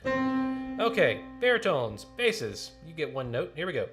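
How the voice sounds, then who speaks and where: A man's voice: on the high side, big pitch swings, measured pace, loud music behind the voice. A man leading a choir sectional rehearsal. He counts in, sings short phrases and explains notes patiently. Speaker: choir director.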